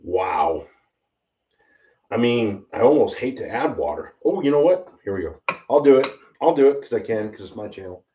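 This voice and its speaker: A man hosting a casual bourbon tasting, excitable and rambling, exclaiming often. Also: lowish voice, moderate pace. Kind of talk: casual livestream tasting chat. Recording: slightly distant, dull lo-fi mic.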